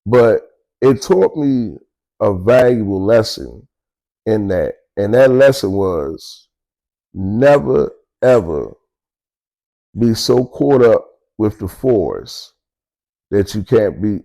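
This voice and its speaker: A man's voice: on the low side, very animated, slow, creaky, long pauses, mellow, poor audio. An older man with a Baltimore accent telling prison stories in a casual, streetwise, profane way, with chuckles between beats. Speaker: storyteller recounting prison life. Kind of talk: casual storytelling to camera.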